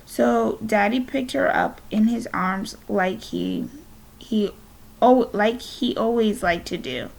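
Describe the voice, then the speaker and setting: A woman teacher reading a children's novel aloud to her class, gently and unhurried, now and then correcting herself. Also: medium pitch, expressive, gravelly, rough recording.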